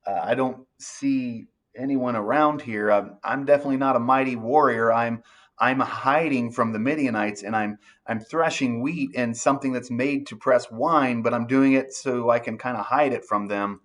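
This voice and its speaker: A man's voice: mid-range voice, moderate pace, a bit bright, lightly acted. A man voicing a timid, doubting young farmer who stammers through incredulous questions.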